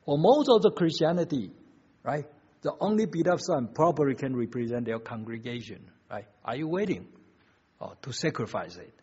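A man's voice: medium pitch, lively intonation, moderate pace, mellow, breathy edge. A man preaching a sermon, emphatic and full of rhetorical questions, in slightly non-native phrasing. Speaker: pastor. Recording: dull lo-fi recording.

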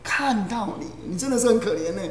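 A woman preaching a sermon in short phrases, telling stories with lively acted-out voices, paced for an interpreter. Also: mid-range voice, fast talker, roomy sound, crowd noise. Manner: animated storytelling, acts out voices.

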